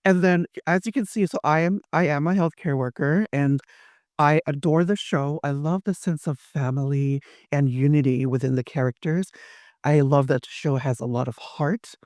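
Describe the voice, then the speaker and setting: Enthusiastic male interviewer, slightly high voice. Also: moderate pace, darkish tone, no room sound, clean studio sound. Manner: enthusiastic, effusive, chatty. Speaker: interviewer host. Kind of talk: casual interview.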